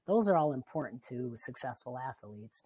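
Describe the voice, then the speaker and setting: A woman's voice: very deep voice, very animated, normal speed, mellow, husky, no room sound. A middle-aged woman, a family therapist, talking in a casual interview, earnest and reflective, laughing easily. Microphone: video call.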